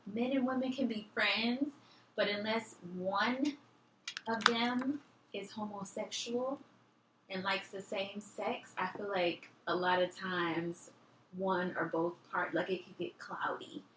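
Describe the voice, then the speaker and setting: Woman, 30s, from Detroit, soft sultry phone voice, echoey room with faint hiss. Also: medium pitch, fairly even intonation, takes it slowly. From Detroit, USA. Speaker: podcast co-host. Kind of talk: casual chat.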